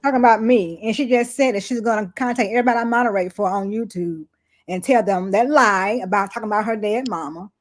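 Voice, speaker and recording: A woman hosting a casual live chat, speaking in a relaxed, halting way with fillers. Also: mid-range voice. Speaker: host.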